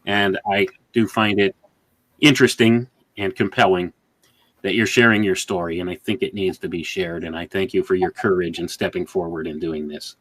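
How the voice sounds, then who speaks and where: Earnest low-voiced man preaching to his guest. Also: steady tone, moderate pace, fairly bright tone, no echo, poor audio. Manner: earnest, preacherly, emphatic repetition. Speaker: host. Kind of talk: religious interview commentary. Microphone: home microphone with adjustable gain.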